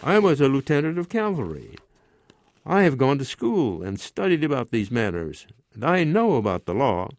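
A man's voice: low-pitched, level tone, unhurried, creaky, darkish tone, no echo, heavily acted. An old man in his nineties reading the lines of a proud, angry village farmer in his own short story. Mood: mocking. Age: 90s.

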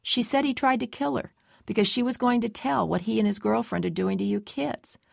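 A woman voicing a steady, patient man who poses as a store guard and tries to persuade a girl to come with him. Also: on the high side, brisk, creaky, dry recording, studio quality. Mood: urgent. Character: calm mysterious man posing as a store guard.

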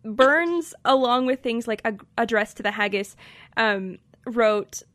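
A woman's voice: fairly high pitch, slow pace, fairly bright tone, no room sound. A woman from Colorado with an American accent, hosting a podcast, chatting thoughtfully and reading poetry aloud. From Colorado, USA. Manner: thoughtful, with fillers. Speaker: podcast host. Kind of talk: casual chat and poetry reading.

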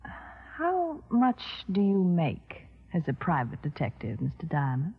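Cold widow hiding stuff, lively pitch, tinny old radio. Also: female voice, measured pace, slightly rough, exaggerated voice. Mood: guarded. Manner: cool, evasive. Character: scheming widow, cold and guarded. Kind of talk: 1940s radio drama acting.

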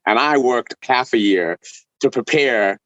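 A middle-aged man from Texas, a violinist guest, telling stories in a casual interview with laughs and animated delivery. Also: mid-range voice, measured pace, no echo, lo-fi sound. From El Paso, Texas.

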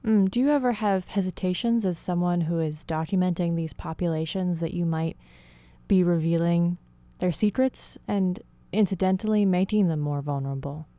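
Mellow-voiced woman radio host. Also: fairly low pitch, dry recording. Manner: measured, thoughtful questioning. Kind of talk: interview questions.

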